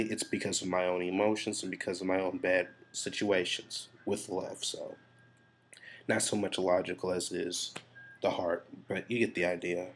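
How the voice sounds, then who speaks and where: Deep-voiced man venting in a vlog. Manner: frank, rambling, swears freely. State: stressed and frustrated. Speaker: vlogger. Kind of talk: confessional casual vlog.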